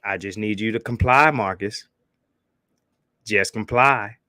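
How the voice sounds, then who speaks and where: A man doing a mock voice of a stern male police officer demanding compliance, in a low, slow, commanding drawl. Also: bright, forceful tone, no echo, studio quality.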